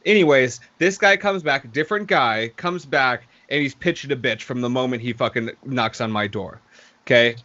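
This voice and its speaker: Animated profane storytelling man, lo-fi. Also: mid-range voice, moderate pace. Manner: animated, profane, acts out quotes. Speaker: podcast co-host. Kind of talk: casual storytelling chat.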